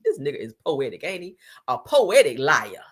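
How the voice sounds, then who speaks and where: A woman's voice: low-pitched, huge pitch swings, normal speed, a bit bright, husky. A woman giving blunt, profane, sassy commentary on reality TV for a stream, laughing often. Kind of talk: casual commentary on a livestream.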